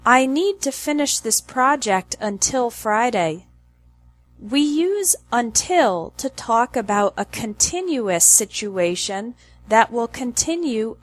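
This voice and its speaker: A woman teaching English, narrating a lesson slowly and carefully pronouncing each word in lists for learners to repeat. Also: medium pitch. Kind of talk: slow, clearly enunciated lesson narration.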